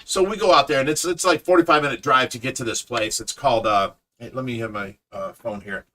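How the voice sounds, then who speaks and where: A man's voice: medium pitch, fairly quick, sharp tone. A middle-aged man with an Ohio accent, chatting casually on a livestream and telling a long story, acting out what others said. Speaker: fish rescue owner and caregiver. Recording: voice picked up from a distance.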